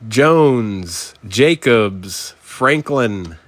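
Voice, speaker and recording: A man's voice: fairly low pitch, lively intonation, drawn-out words. A man hosting a live sports card break, reading out player names and chatting with viewers.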